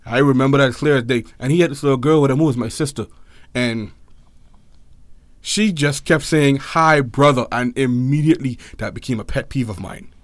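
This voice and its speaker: A young man telling a personal story in casual chat, animated and acting out quotes. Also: dry recording, clean studio sound. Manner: animated, acts out quotes in high voices.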